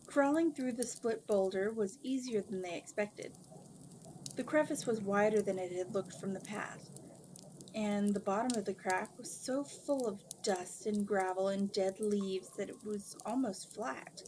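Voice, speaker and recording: A woman reading a novel aloud at a steady pace, now and then stumbling over a word and correcting herself. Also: mid-range voice, a little slow, noisy background. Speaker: book reader.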